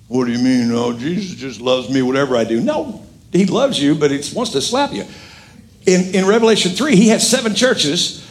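Middle-aged male pastor, fairly high voice, preaching with animated, joking emphasis. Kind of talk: sermon.

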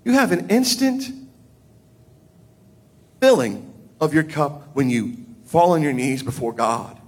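Preaching at an unhurried pace, this male pastor lets his pitch and volume rise and fall dramatically while he develops his message.

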